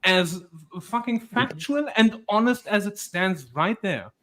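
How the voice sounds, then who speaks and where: High-voiced man talking wryly. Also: lively intonation, slow pace, a bit bright. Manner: hesitant, wry, stumbles over words. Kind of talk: casual chat.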